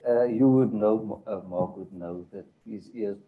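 A man moderating a panel discussion, asking measured, probing questions. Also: fairly low pitch, narrow, tinny audio.

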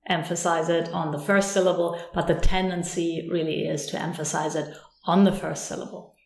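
A German woman teaching a beginners' pronunciation lesson in English, modelling each sound slowly and repeating it with care. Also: fairly low pitch, flat delivery, darkish tone, roomy sound, a little hiss or hum. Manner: slow, deliberate modelling of sounds with careful repetition.

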